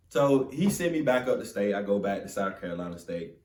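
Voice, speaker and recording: A young man from Florida telling a motivational story in an animated, casual, conversational way. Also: lowish voice, a little fast. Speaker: motivational speaker. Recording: roomy sound from a distant mic.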